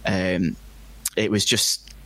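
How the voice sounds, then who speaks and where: A man's voice: low voice, level tone, takes it slowly, fairly bright tone. A man in a casual film review chat, talking with many hesitant restarts and fillers.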